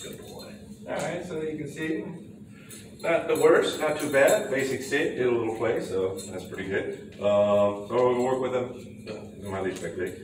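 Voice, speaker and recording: Relaxed man, distant and echoey. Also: mid-range voice, normal speed. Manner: relaxed, loose, many fillers. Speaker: dog trainer. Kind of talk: casual explanatory talk to camera. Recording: roomy, distant camera audio with background noise.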